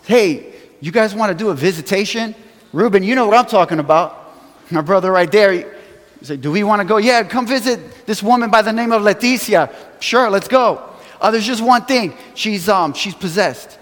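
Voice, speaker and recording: A man preaching a sermon, telling stories with animated acted-out quotes and chuckles, from a church sanctuary. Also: sits high, moderate pace. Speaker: pastor. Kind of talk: sermon storytelling. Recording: long hall reverb.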